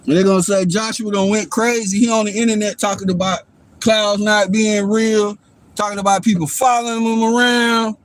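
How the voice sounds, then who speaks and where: A man with a notably high-pitched voice holds forth on a livestream in a loose, rambling monologue. He swears freely, preaches his points, and keeps checking that the listener is following along. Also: level tone, moderate pace, dry recording. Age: adult father. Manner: profane, preachy, keeps asking "you know what I'm saying". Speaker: livestream host.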